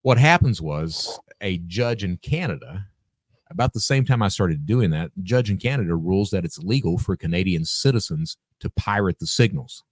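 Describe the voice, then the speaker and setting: A man's voice: deep voice, normal speed, dry recording, studio quality. A man guest on a podcast, telling a story casually, acting out the dialogue and swearing freely. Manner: animated, acts out quoted dialogue, swears freely.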